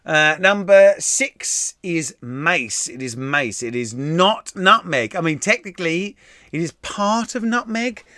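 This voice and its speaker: A young man with a fairly high voice, rattling through quiz answers on a live stream from home. He talks in a chatty, irreverent way, swearing casually and restarting his sentences with plenty of "uh"s. The sound from his desk microphone is close and dry. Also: expressive, takes it slowly, pushed and bright, no echo. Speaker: quiz host. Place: at home, room near a kitchen.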